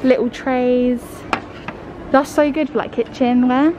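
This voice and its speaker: A woman's voice: high voice, fairly even intonation, measured pace, lo-fi sound, noisy background. A young English woman chatting casually as she films a shopping vlog in a busy shop, filling her talk with "like". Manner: chatty, lots of "like" fillers. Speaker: vlogger.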